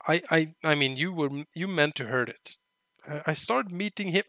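A man narrates a game as he plays, reading its text aloud between his own joking remarks and the odd outraged outburst. His voice is bright and sharp, pitched a little high for a man. The recording is dry and close, with no room sound. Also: expressive, normal speed, dry recording. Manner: reads in-game narration aloud with joking asides, bursts into loud outraged shouts. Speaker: let's play commentator.

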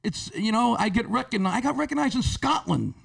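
A man in his sixties with a New York accent, telling comic stories in a loud, profane, ranting way. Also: very high-pitched, lively intonation, a little fast, gravelly, breathy edge. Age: 60s. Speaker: comedian guest. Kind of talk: animated comic storytelling.

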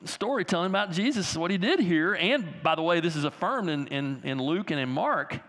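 A man preaching a sermon as pastor, animated and talking to the children in his congregation with everyday examples. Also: high voice, moderate pace, hardly any pauses. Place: church sanctuary. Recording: long hall reverb.

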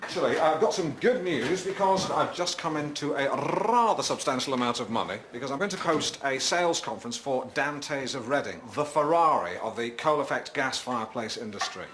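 A man's voice: mid-range voice, expressive, fairly quick, hardly any pauses, a bit bright, a little hiss or hum, lightly acted. An actor playing an awkward, self-important middle-aged male TV presenter, in a sitcom. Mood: self-satisfied. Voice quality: chirpy, tactless, self-important. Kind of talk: 1990s British sitcom acting.

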